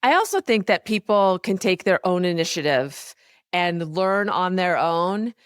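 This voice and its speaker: Smooth-voiced woman on a podcast. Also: fairly low pitch, measured pace, no echo, clean studio sound. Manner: animated and encouraging, with filler "like". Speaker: podcast co-host, workplace consultant. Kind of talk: casual conversational podcast chat.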